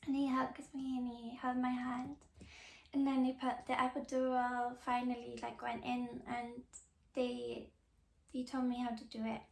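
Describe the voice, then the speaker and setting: A young woman tells her own story on a podcast, chatty and loose with lots of filler words. Her voice sits high, with a gravelly fry at the ends of phrases. The room around her is noticeably echoey. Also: completely flat delivery, unhurried, slight background noise. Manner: chatty, many "like" fillers, soft and confiding. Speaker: podcast host. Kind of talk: casual personal storytelling.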